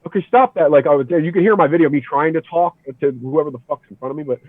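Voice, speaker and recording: A man from the Philadelphia area, a podcast guest, telling a trip story in a casual, animated way, swearing a lot and saying "dude" and "like" all the time. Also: on the high side, fast talker, dry recording. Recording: tinny phone-like sound, dry.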